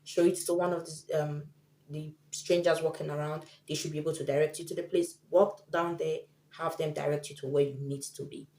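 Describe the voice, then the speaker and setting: A chatty woman vlogger talking casually to camera, her voice slightly low and mellow. She acts out the people she quotes. The room around her sounds echoey. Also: little pitch movement, a little fast. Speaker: vlogger giving tips.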